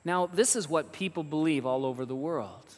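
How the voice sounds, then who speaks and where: A man preaching a sermon, telling stories with emphatic, animated delivery and rhetorical questions. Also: fairly high pitch, normal speed. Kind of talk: sermon storytelling. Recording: long reverb of a large hall.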